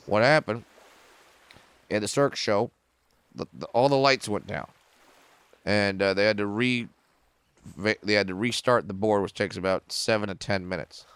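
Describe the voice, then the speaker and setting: A middle-aged man spins stand-up stories in a casual podcast chat, his voice smooth and resonant. He swears freely and leaps higher in pitch when he hits a punchline. The sound is close and dry. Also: normal speed, long pauses, no echo. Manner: animated, profane, jumps way up in pitch for punchlines. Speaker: comedian guest.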